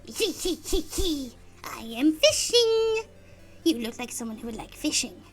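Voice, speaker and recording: A woman's voice: sits high, sing-song, measured pace, faint music behind, voice pushed up, heavily acted. A woman voicing a playful young villager kid who giggles and talks in a sing-song way while reading game dialogue. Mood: giggly.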